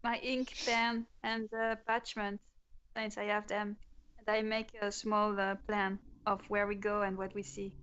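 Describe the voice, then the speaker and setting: A woman's voice: mid-range voice, little pitch movement, measured pace, a bit bright, a little hiss or hum. A woman playing in a tabletop game, working through her character's moves in a hesitant, thoughtful way. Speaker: player. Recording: dull lo-fi audio.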